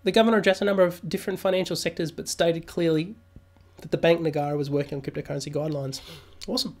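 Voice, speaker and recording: A man hosting a casual crypto live stream, reading news aloud and joking with viewers through a studio mic. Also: a little high. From Australia. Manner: jokey, chatty, reads news aloud then riffs. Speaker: crypto livestream host. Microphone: new studio mic.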